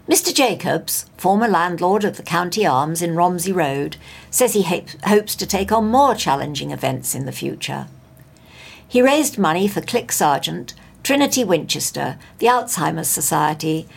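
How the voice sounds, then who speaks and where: Husky, creaky woman reading news. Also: on the low side. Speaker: local radio news presenter. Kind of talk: read news bulletin.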